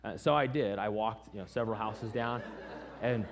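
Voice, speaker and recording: A young adult man preaching, telling a personal story with lively acted-out quotes before moving into teaching. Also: lowish voice, normal speed, crowd noise. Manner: animated storyteller acting out quoted voices.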